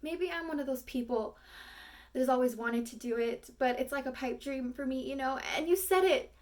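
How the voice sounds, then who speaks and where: A woman's voice: high-pitched, animated, fairly quick, pushed and bright, recorded from a distance, pitched above the performer's own voice. Young woman performing as a hurt, insecure actress. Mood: resigned. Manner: pleading, on the verge of tears. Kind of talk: dramatic monologue performance.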